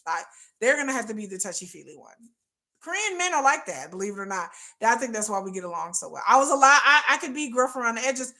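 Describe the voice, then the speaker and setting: A woman's voice: on the high side, big pitch swings, fast talker, pushed and bright. A woman hosting a casual livestream, talking candidly and bluntly and laughing often. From United States. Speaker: livestream host.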